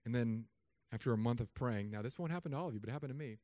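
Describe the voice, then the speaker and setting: A man in his thirties, a pastor, preaching a sermon with humor and animated storytelling asides. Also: medium pitch, very fast, few pauses, no echo.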